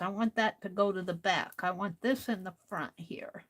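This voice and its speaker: A tired woman hosting a late-night crafting livestream, talking softly to herself as she works. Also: mid-range voice, normal speed. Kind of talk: casual talk while crafting live.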